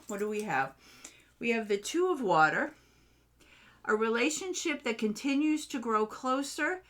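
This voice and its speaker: A woman in her own home reading tarot cards for her viewers. She talks to them directly, chatty and reassuring, with a voice of ordinary middle pitch. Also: fairly bright tone. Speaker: tarot reader. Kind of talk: casual tarot reading to camera.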